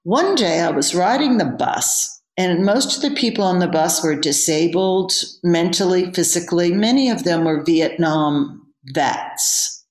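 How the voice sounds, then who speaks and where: A woman's voice: fairly low pitch, animated, a little slow, a little mellow. A woman, a yoga teacher, telling a candid personal story as an interview guest. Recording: roomy echo.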